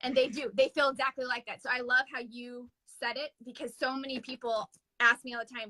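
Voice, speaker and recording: Bright, crisp woman host. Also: fairly high pitch, steady tone, dry recording, rough recording. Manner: enthusiastic, talks in quick restarts. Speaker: host and medium. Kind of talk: casual interview chat.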